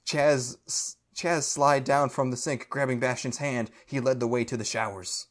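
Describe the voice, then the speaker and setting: A man's voice: mid-range voice, steady tone, moderate pace. Man, podcast co-host, comedic fanfic reading, mid-range voice, stumbling, stifled laughter. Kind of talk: comedic dramatic reading of fan fiction.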